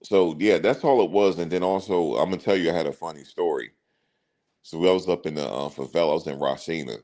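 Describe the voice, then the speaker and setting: Low-voiced male host, casual commentary, chatty and repetitive. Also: fast talker, darkish tone. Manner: chatty storyteller, addresses viewers directly, repeats himself.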